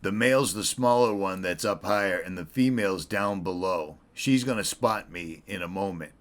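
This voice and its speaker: A man's voice: deep voice, normal speed. Man talking right into a camcorder mic. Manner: wry, self-mocking joking asides. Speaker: wildlife videographer. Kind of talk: on-the-spot wildlife vlog commentary. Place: outdoors on a snowy, windy mountainside in woods. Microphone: camcorder mic held very close to the face.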